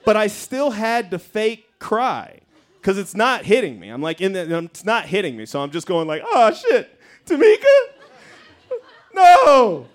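A man telling a comedic story on a live stage, animated and profane, laughing through his own lines. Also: high-pitched, moderate pace, some chatter behind.

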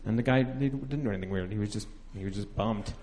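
A man's voice: lowish voice, fast, darkish tone, big-room sound, slight background noise. A young man telling a candid, rambling personal story, acting out the lines of the people in it. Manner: candid, rambling, full of "like" and acted-out quotes.

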